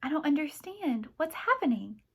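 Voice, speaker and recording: A woman's voice: sits high, sing-song, moderate pace, pitched above the performer's own voice, heavily acted. A woman doing a cunning young sorceress. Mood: sugary feigned dismay. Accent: put-on Southern drawl at times. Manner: soft, sweet, gentle when coaxing.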